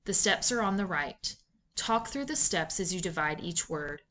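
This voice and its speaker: A woman giving scripted instructional narration for a reading lesson, in a clear, measured, deliberate teaching delivery. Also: fairly low pitch, very animated, fairly bright tone, slight background noise. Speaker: literacy instructor.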